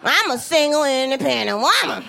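A woman's voice: high voice, very animated, moderate pace, creaky, pushed and bright, a faint crowd, a little hiss or hum. A woman in her thirties doing a profane, brash stand-up comedy set on a club stage, acting out the voices of other people. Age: 30s.

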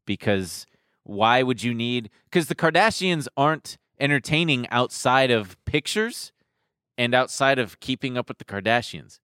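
A man's voice: medium pitch, animated, measured pace, sharp tone, clear, resonant tone, dry recording, clean studio sound. A man co-hosting a podcast in casual chat, blunt and joking, with frequent profanity. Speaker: podcast co-host.

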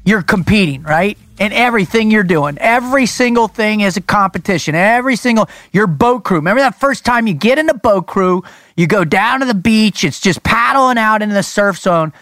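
Animated storytelling male podcast host. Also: high voice, a little fast, no room sound, studio quality. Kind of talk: casual storytelling chat.

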